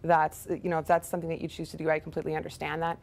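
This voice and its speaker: A woman interviewee giving her opinion, deliberate and emphatic. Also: low-pitched, completely flat delivery, creaky.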